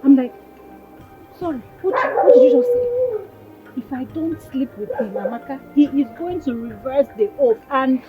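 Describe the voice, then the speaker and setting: A woman's voice: high-pitched, lively intonation, moderate pace. An actress playing a frustrated young village woman, speaking with a Nigerian accent and complaining angrily to her friend. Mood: exasperated. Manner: agitated, exasperated. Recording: dull sound with loud music behind.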